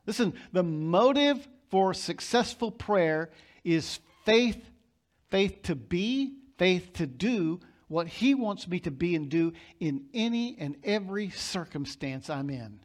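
A male pastor delivering a sermon in an emphatic, storytelling way. His voice sits high for a man, and he pushes his key lines to loud peaks. He retells scenes vividly and drives his points home. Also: animated, slow.

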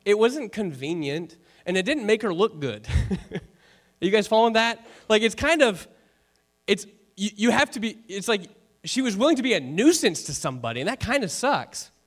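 A pastor giving an earnest, conversational sermon, repeating key phrases and turning to the congregation with casual asides. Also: male voice, high-pitched, big pitch swings, moderate pace.

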